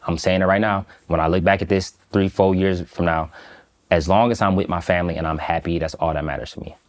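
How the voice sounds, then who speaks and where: A man from Detroit, a food critic talking as a guest, speaking slowly in a calm, relaxed, fairly monotone way. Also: deep voice. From Detroit, USA. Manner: slow, calm, monotone delivery; relaxed, laughs easily. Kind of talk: casual interview chat.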